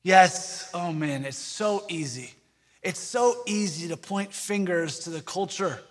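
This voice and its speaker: A man's voice: sits high, animated, slow, in a large hall. A man preaching a sermon, earnest, with rhetorical questions and repeated phrases. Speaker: pastor.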